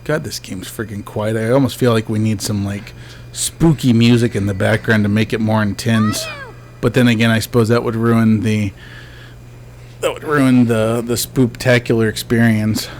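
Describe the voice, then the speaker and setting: Gravelly-voiced man streaming a game. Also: lowish voice, fairly even intonation, moderate pace, darkish tone, a little hiss or hum. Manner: chatty and joking, talks back to on-screen ghosts. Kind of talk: casual let's-play commentary.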